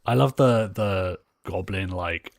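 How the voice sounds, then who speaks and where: A man co-hosting a podcast, chiming in with quick, laid-back remarks about a cartoon. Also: deep voice, vocal fry. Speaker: podcast co-host. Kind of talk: casual recap chat.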